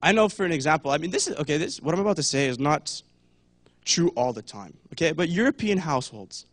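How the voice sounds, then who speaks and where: A man's voice: on the high side, expressive, quick pace, a bit bright, no echo. Chatty man with a dry, close sound. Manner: chatty, many fillers, acts out voices. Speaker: church speaker. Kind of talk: casual sermon talk.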